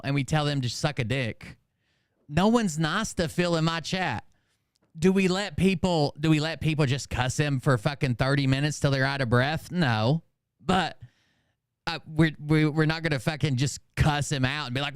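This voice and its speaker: Profane, rambling male host, smooth voice. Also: on the high side, moderate pace, dry recording, studio quality. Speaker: channel host. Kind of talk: casual livestream rant.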